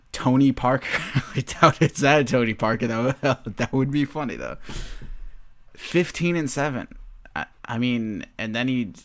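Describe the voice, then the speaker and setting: Young man, casual sports chat, unhurried pace, profane, rambling, laughs often. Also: mid-range voice, fairly bright tone. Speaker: host.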